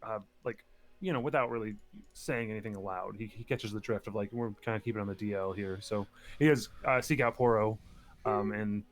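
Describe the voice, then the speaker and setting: A man playing a tabletop game, describing his character's actions in halting, filler-laden speech. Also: fairly low pitch. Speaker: player. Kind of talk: casual tabletop play.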